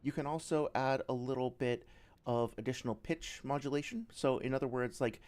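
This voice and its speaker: Male game-dev streamer, mid pitch, casual and rambling, explains with examples. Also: a little fast, a little mellow.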